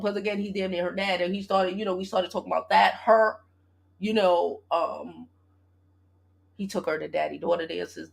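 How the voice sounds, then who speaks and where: A woman, telling a story on her live stream in a casual, animated, profane way and talking straight to her viewers. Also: mid-range voice, gravelly. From Brooklyn, New York. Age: 40s. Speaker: gossip vlogger and love coach.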